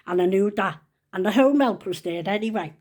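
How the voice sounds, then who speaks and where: Speaking briskly in a darkish, medium-pitched voice, this woman in her seventies spins funny stories to camera. She's a vlogger whose casual storytelling is chatty, rambling and down-to-earth.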